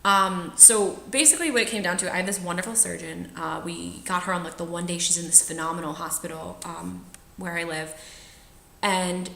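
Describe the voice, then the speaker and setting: Chatty young woman, bright voice. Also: lowish voice, vocal fry, echoey room, slight background noise. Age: 20s. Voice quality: trained singer's voice. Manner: chatty, frank, laughs often while telling. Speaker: vlogger sharing personal experience. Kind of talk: casual storytelling to camera.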